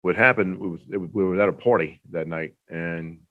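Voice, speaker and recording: A man in his fifties, a parole applicant answering questions at a hearing, polite and halting. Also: low voice. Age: 50s. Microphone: remote audio link from a prison. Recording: tinny phone-like remote line.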